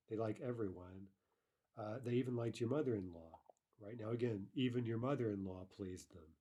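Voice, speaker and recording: A man teaching a recorded language lesson, explaining grammar step by step and slowing down to read example sentences aloud. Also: fairly low pitch, mellow, husky.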